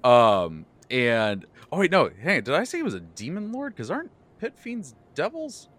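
A man hosting a podcast, recounting his tabletop game session as game master in a loose, animated way, with many restarts and bursts of laughter. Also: fairly high pitch, normal speed. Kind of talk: casual recap of a tabletop game.

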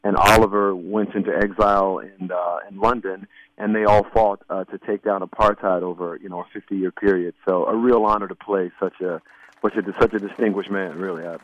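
Man from Alabama, low voice, animated, acts out quotes, close studio mic, radio interview. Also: fairly quick, no room sound, lo-fi sound. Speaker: actor guest. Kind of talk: casual interview chat.

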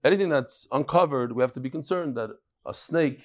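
A rabbi teaching a casual daily Talmud lesson, hoarse from a cold, chatting with quick asides to the people in the room. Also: male voice, mid-range voice.

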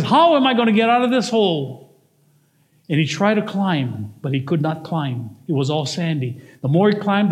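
An older man preaching a sermon, telling stories and acting out the voices of the people in them. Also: high voice. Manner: animated storytelling preacher, acts out voices in his stories. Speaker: pastor.

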